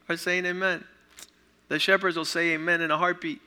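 A middle-aged man preaching a sermon as pastor, energetic and urging his congregation. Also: a little high, fairly quick, clear, resonant tone.

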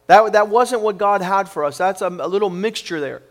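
High-voiced man preaching an emphatic sermon. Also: normal speed, a bit bright. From Cuban upbringing. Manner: emphatic, repetitive, building in intensity. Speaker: pastor.

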